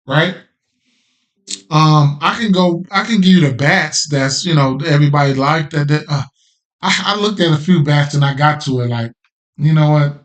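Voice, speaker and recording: A man with a slightly higher voice hosts a sports betting podcast, casually running through his picks in loose street slang. He repeats phrases and drops "right?" often, keeping it relaxed and off the cuff.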